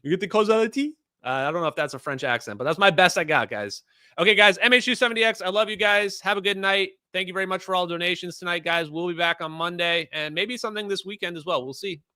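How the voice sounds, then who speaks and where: Lively bright-voiced male livestream host. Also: high voice, quick pace, smooth, no room sound. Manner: animated, conversational, addresses viewers as guys. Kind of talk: casual livestream talk.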